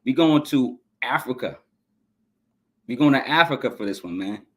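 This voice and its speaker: A man's voice: medium pitch, expressive, moderate pace. A man hosting a podcast, casually ranking albums in a rambling, enthusiastic way, repeating himself and tripping over names. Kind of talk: casual album review monologue.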